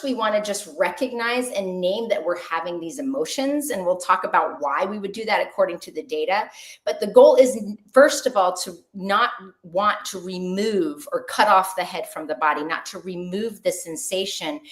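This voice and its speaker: A woman doctor giving an online webinar talk in a lively, conversational way, asking the audience questions. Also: fairly low pitch.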